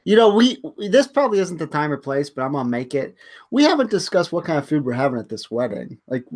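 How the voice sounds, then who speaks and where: A man co-hosts a casual podcast chat in a fairly high voice that swings up and down. He cracks wise and laughs often. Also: sing-song, fast talker, a little mellow. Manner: playful, laughing, wisecracking. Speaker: podcast co-host.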